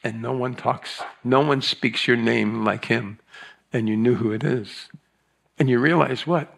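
This middle-aged pastor takes his time, his medium-pitched voice carrying vocal fry and a little brightness. His conversational sermon mixes storytelling, playful asides, and prompts that pull the congregation in.

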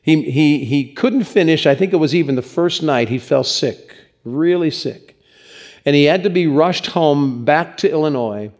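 A man's voice: a little high, normal speed, darkish tone. A man preaching as a pastor, telling stories in an earnest, conversational sermon, likely in a church.

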